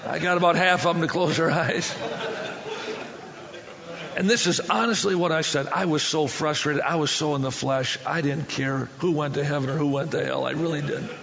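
A man preaching a sermon as a story, animated, with stammering restarts that build to shouting. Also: on the high side, normal speed, creaky, in a large hall, muffled recording.

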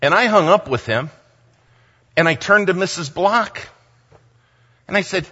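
A man telling a humorous personal story in an animated way, acting out the people in it. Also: sits high, measured pace, breathy edge, muffled recording. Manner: animated, acts out quoted voices, repeats himself.

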